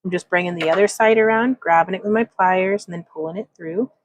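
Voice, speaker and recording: A woman's voice: lowish voice, a little fast, rough recording. A woman hosting a casual craft livestream, talking through a wire-wrapping demonstration in a chatty, rambling way, laughing often and reading chat comments aloud. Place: home craft room.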